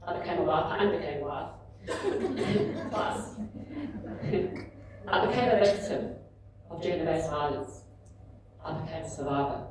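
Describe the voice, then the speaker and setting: A woman in her fifties giving a candid, animated talk at a book launch, telling personal stories to an audience. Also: low-pitched, measured pace, long pauses, a crowd in the background. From South Africa. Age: 50s. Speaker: author and speaker. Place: large indoor event room. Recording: echoey hall, mic at a distance.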